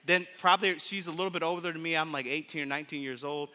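A man preaching a sermon built on his own testimony, telling it in bursts with many restarts, moving between hushed retelling and emphatic preaching. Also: on the high side, fast talker. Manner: storytelling, with many restarts and repeated words. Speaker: pastor. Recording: long hall reverb.

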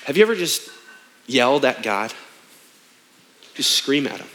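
A man's voice: medium pitch, very animated, measured pace, pushed and bright. A man in his thirties, a pastor preaching a sermon in an emphatic, conversational way with rhetorical questions.

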